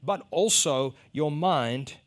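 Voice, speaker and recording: A middle-aged man from South Africa preaching a sermon, telling a personal story and acting out the exchanges he describes, rising to loud emphasis. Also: fairly high pitch, slow pace.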